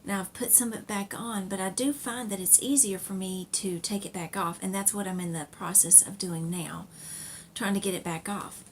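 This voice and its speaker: A middle-aged woman who hosts a knitting podcast tells a personal story in a loose, wandering way, with fillers, restarts, and little laughs. Her pitch is typical for a woman, her tone steady, her pace normal. A faint hiss sits beneath the home recording.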